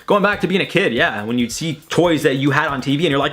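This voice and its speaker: A fairly high-voiced man talks in a loose, rambling way, swearing casually as he reacts to tweets. He sounds like he is in his room at home. Soft music plays faintly underneath. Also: fairly quick. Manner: rambling, chatty, swears freely. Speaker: host.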